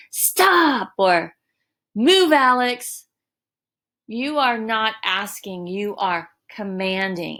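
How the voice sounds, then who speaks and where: A woman teacher giving a recorded lesson, explaining deliberately with emphatic examples. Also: medium pitch, a bit bright. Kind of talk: recorded distance-learning lesson. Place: home.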